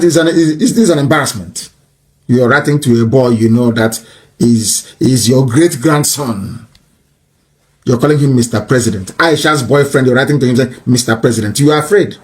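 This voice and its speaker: A man delivering an impassioned, mocking political tirade that rises to shouts. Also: mid-range voice. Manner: mocking, scornful, rising to shouts.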